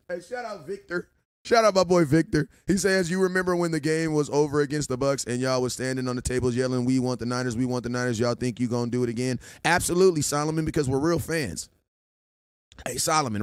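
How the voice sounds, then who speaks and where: A young man talking fast and loose on a sports stream, his voice riding high and swinging widely. He jokes and laughs through the rant, and the sound is close and dry. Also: no echo. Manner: animated, laughing, joking. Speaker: sports vlogger. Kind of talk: casual livestream rant.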